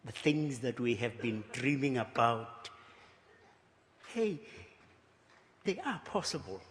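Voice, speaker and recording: A South African archbishop giving a luncheon speech, halting and repeating words, swinging between hushed remarks and exclamations with chuckling asides. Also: male voice, medium pitch, sing-song. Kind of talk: after-dinner speech. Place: luncheon banquet hall. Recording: reverberant banquet hall.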